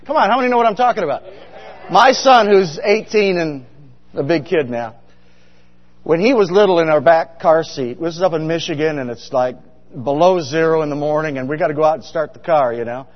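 This middle-aged pastor is chatty and funny, weaving stories into his sermon and regularly questioning the congregation. His fairly high voice is animated and brisk, captured with a dull sound and long hall reverb.

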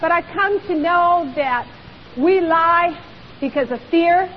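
Female preacher, high-pitched, emphatic sermon delivery, faint hiss on a muffled recording. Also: takes it slowly. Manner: emphatic, rhetorical questions. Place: church. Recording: dull lo-fi recording with long hall reverb and faint hiss.

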